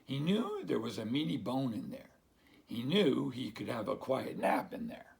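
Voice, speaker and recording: A man reading a picture book aloud to children, slow and expressive, as a teacher. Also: mid-range voice, vocal fry.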